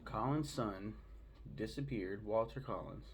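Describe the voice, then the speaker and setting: A man hosting his own review show from home, rattling off thoughts quickly and cursing as he goes. His voice sits low, with a faint hiss of noise under it. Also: creaky. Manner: profane, rambling, fast-talking. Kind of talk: casual solo review monologue.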